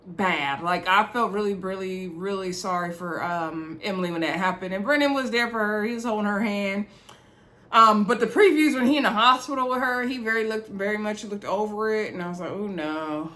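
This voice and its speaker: A chatty woman recaps a reality show straight to her viewers. She talks casually and laughs easily, calling her audience y'all. Her voice sits at a middle pitch, neither high nor low. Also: a bit bright.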